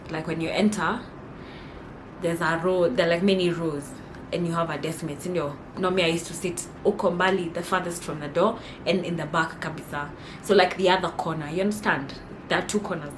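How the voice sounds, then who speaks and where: A young woman with a Kenyan accent tells stories in a casual, animated way. She is indignant and mixes in Swahili slang. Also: fairly low pitch, a little hiss or hum, poor audio. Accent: Kenyan English. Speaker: vlogger. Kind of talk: casual storytelling.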